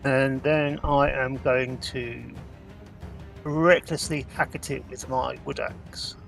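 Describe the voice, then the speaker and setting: A man's voice: medium pitch, fairly even intonation, takes it slowly, gravelly, a bit bright, faint music behind. A man playing a tabletop game, asking careful questions about what his character can see. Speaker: player. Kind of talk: casual tabletop game chat.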